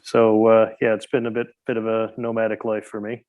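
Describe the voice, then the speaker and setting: A middle-aged man, talking as a podcast guest. His voice sits low and barely moves in pitch. He rambles and hesitates, leaning on lots of ums and uhs. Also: monotone, a little fast, phone-quality sound. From Newfoundland, Canada. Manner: rambling, hesitant, many fillers. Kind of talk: casual interview chat.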